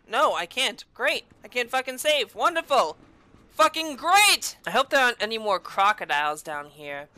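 Sharp, high-voiced woman, let's-play host, foul-mouthed and sarcastic, yelps at jump scares. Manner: profane, sarcastic running commentary; loud startled outbursts and taunting. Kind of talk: casual gameplay commentary.

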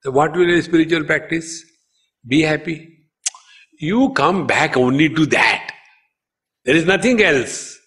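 A man with an Indian English accent gives a spiritual discourse in a somewhat high voice. His talk is humorous and full of stories, and he chants verses. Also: measured pace, long pauses, fairly bright tone. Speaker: spiritual teacher.

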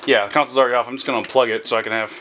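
A young man hosting a casual repair video, excitable and rambling, out of breath. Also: medium pitch, racing, slight background noise.

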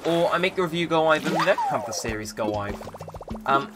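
A man hosting a casual let's play, rambling through his plans with many pauses and fillers. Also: a little high, loud music behind the voice. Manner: rambling, relaxed, lots of ums and likes. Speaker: gaming channel host.

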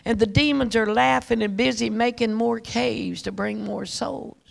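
A woman's voice: on the high side, fairly even intonation, moderate pace, gravelly. A woman preacher telling a testimony sermon in an emphatic, repetitive storytelling manner, addressing the congregation directly.

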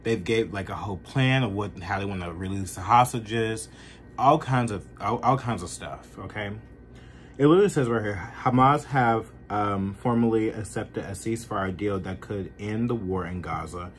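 Man, political rant vlog, profane, heated, low voice, faint hiss. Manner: profane, heated, lots of fillers. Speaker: political commentary vlogger. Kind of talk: ranting political commentary.

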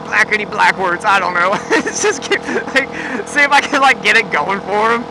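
A man's voice: high voice, expressive, normal speed. A young man telling a rambling, profane story in a casual vlog, full of fillers and laughter. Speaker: vlogger. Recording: clear background noise.

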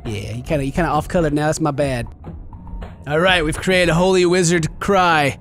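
A man giving gameplay commentary in a giggly, excitable, mock-dramatic way. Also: fairly high pitch, normal speed, faint music behind. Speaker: gaming YouTuber.

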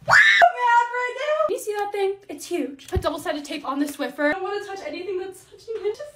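A young woman narrates her own lifestyle vlog in a bubbly, chatty way and gets excited easily. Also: very high voice, fast talker, heavy background noise. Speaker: lifestyle content creator. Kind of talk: casual vlog voice-over.

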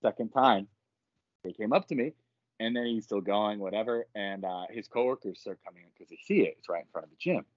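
A man on a podcast, telling a story casually and profanely, with lively acted quotes. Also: lowish voice, fairly quick, no echo, muffled recording. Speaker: podcast guest.

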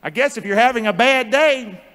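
A male pastor preaching a sermon with animated call-and-response and joking asides in a large church. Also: extremely high pitch, fairly quick. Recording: long church hall reverb.

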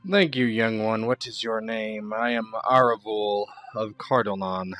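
A man's voice: lowish voice, a little slow, a bit bright, no echo, faint music behind. A man voicing a tall, courteous grown male traveler who speaks formally in a tabletop game. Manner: formal, polite speech.

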